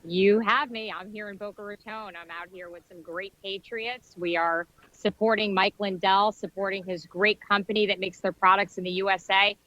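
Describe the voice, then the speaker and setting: A woman's voice: medium pitch, steady tone, moderate pace, few pauses, a bit bright, highs cut off. A woman organizing a rally, calling in live from outdoors and speaking in an indignant, rallying way. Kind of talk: live remote interview.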